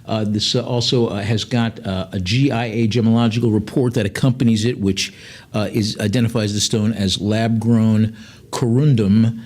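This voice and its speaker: A man's voice: fairly low pitch, steady tone, normal speed, darkish tone. A man working as an auctioneer, calling bids in a live auction and drifting into chatty asides with lots of fillers. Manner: chatty, digressive, many fillers between bid calls.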